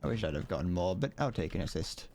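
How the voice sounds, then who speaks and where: A man's voice: low voice, sing-song, quick pace, darkish tone, a little hiss or hum. A British man streaming a shooter game, chatting in a rambling, joking, self-mocking way. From Britain. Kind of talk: casual gameplay commentary.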